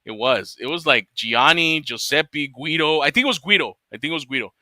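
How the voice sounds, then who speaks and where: A male host with a very bright, slightly raised voice rants casually, swearing freely and breaking into laughs. The recording is close and dry. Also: fairly high pitch, lively intonation, fairly quick, dry recording. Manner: profane, ranting, laughs often. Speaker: podcast host. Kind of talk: casual chat.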